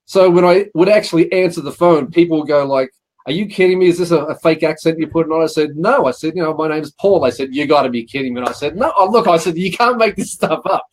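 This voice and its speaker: A man's voice: a little high, fast talker, a little mellow. A middle-aged Australian man, a guest telling rambling anecdotes about his work and acting out what people said. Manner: rambling anecdotes with acted-out quotes and repeated "he says". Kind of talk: casual interview storytelling.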